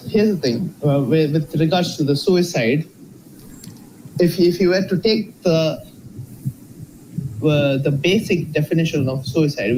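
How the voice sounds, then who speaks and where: A man answering in a live debate, measured and a little hesitant, often pausing on fillers as he builds his argument. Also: a little high, darkish tone, low-quality recording. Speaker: debate participant. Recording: noticeable background noise.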